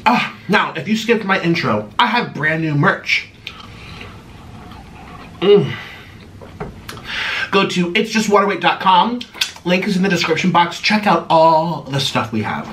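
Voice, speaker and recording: A man hosting an eating vlog at home, chatting casually while he eats, swinging between bubbly high exclamations and low mumbled asides. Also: expressive, measured pace, long pauses, fairly bright tone, slight background noise. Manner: chews and talks while eating. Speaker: mukbang host.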